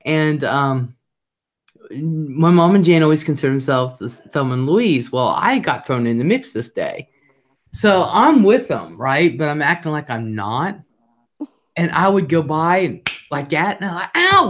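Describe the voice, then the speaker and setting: A woman hosting a casual live chat, telling brash, loud stories with lots of laughing. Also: low-pitched, expressive, unhurried. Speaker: livestream host.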